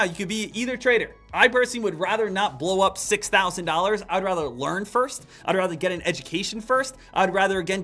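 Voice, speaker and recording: Bright-voiced man hosting a trading stream. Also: sits high. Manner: animated, lecturing, addresses the chat directly. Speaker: day trading livestream host. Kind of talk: live trading commentary.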